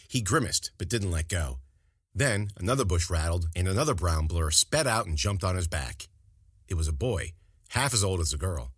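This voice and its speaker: A man narrating a fantasy story as an audiobook in an expressive, dramatic reading. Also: sits low, husky, no room sound, clean studio sound.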